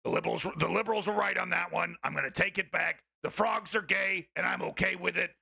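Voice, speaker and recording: A man voicing a frantic male conspiracy radio host who rants and shouts. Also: sits high, fairly quick, gravelly, breathy edge, exaggerated voice. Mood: mock solemn. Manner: shouting, overwrought rant.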